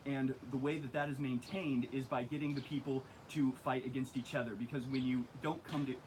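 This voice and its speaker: A man's voice: medium pitch, steady tone, fairly quick, a little mellow, slight background noise, rough recording. A man giving casual studio commentary, explaining things earnestly and steadily, with lots of fillers.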